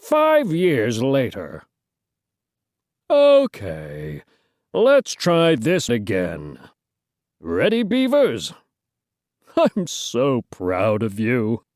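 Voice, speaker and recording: A woman's voice: very deep voice, huge pitch swings, extremely slow, darkish tone, no room sound, studio quality. A woman reading a children's storybook aloud, playful, with joking asides to listeners.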